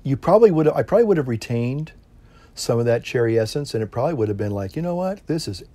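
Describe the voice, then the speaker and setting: A middle-aged man, a priest, chatting casually to camera in a relaxed, rambling way, chuckling often and pausing to puff on his pipe. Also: mid-range voice. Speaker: priest and pipe-smoking video host.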